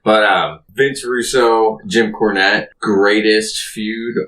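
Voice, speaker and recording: A man's voice: fairly low pitch, fairly even intonation, takes it slowly, a bit bright. A man co-hosting a wrestling podcast in casual chat, laid-back and rambling, laughing often. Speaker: podcast co-host. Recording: distant mic with faint noise.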